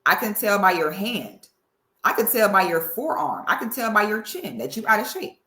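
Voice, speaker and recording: A woman doing reaction commentary in a sassy, animated, drawling way. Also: medium pitch, normal speed, reverberant. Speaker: commentary host.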